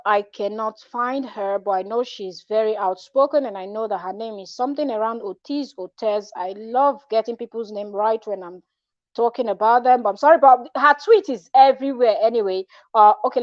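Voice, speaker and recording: A woman's voice: a little high, normal speed, no echo, muffled recording. A woman vlogger talking casually and frankly, rambling with restarts and asides. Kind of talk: casual commentary vlog.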